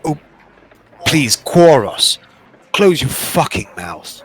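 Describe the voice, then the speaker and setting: A man voicing a kindly, awkward human male druid who speaks softly and hesitantly. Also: on the high side, sing-song, takes it slowly, slight background noise. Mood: exasperated. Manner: soft-spoken and hesitant.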